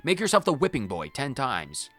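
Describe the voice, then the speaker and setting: A man's voice: mid-range voice, huge pitch swings, normal speed, fairly bright tone, soft background music. A man reading the lines of a stern, proud woman paladin in a video game, formal and commanding.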